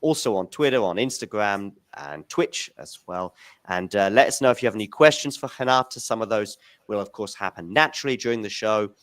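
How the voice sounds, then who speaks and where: A man's voice: on the low side, a little fast, fairly bright tone, no echo. A man hosting a tennis interview show, chatting in a friendly, informal way with his guest. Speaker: podcast host. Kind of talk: casual interview chat.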